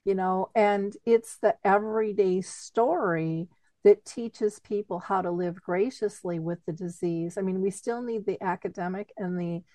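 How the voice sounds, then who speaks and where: A woman hosting an interview, talking in an animated, chatty way and laughing easily. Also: medium pitch, a little slow, no room sound. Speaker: host. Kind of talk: interview conversation.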